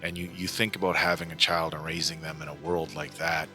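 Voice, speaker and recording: A man's voice: a bass voice, level tone, brisk, pushed and bright, soft background music. A man in his forties hosting a movie reaction, talking casually and earnestly with many fillers and restarts. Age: 40s. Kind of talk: casual chat.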